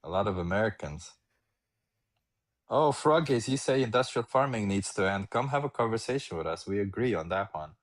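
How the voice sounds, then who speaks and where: Low-voiced guy co-hosting a stream, upbeat, reading chat out loud. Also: animated, normal speed. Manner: upbeat, chatty, reads out chat comments. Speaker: co-host of a live stream. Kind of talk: casual live-stream chat.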